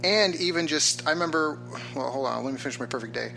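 A man's voice: a little high, fast, gravelly, pushed and bright, faint music behind, low-quality recording. A man being interviewed as an entrepreneur, talking casually and enthusiastically, rambling with many fillers. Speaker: entrepreneur guest.

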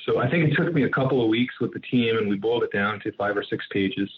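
A man, a guest entrepreneur, telling a story in an interview in an animated way, with many asides and restarts. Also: lowish voice, fast. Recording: tinny phone-like line with faint noise.

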